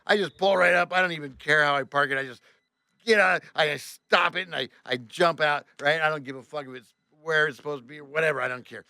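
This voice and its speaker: A man, a tour bus driver, telling a story on a podcast in a casual, animated and profane way, acting out both sides of a conversation. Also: a little high, fast, vocal fry, no echo, studio quality. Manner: animated, profane, reenacts dialogue with "I go, he goes".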